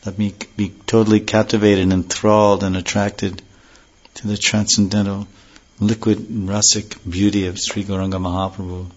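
A man giving a devotional scripture lecture, slowly chanting verses and then explaining them earnestly, on a dull lo-fi recording. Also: on the low side, little pitch movement. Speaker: spiritual teacher.

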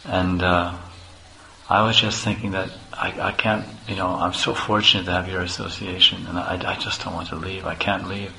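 A meek, pure-hearted young disciple, put on by a male preacher in a hushed and tearful voice. He pleads low and soft, with a clear, bright edge to his tone. He sounds ashamed and afraid. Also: level tone, normal speed, slight background noise, full character voice, rough recording. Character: simple, innocent young male village disciple, fearful.

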